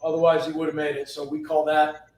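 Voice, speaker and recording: A man's voice: on the high side, monotone, fast, a little mellow. Joking man answering viewers in a garage. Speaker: shop owner hosting a live stream. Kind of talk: casual live-stream chat. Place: car restoration garage. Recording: roomy echo from a distance.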